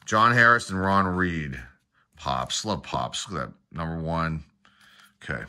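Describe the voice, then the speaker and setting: A middle-aged card collector opens packs of baseball cards, rattling off player names one after another in a quick list and tossing in casual asides. His low voice is pushed and bright, with lively intonation.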